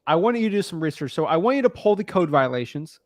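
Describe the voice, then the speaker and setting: A man's voice: fairly high pitch, very animated, fast, a little mellow, no echo, studio quality. A man coaching a newcomer on real estate wholesaling in a casual, blunt, slangy way.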